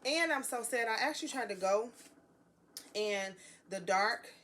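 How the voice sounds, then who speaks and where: A woman's voice: on the high side, lively intonation, measured pace, a bit bright. A woman vlogging a crafting tutorial, gushing and chatty, talking straight to her viewers as y'all.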